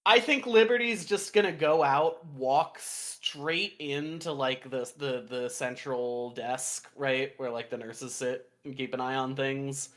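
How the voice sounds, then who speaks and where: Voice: medium pitch, takes it slowly, few pauses, fairly bright tone. A player in a tabletop game talking casually, with lots of fillers. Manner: casual, chatty, filler-heavy.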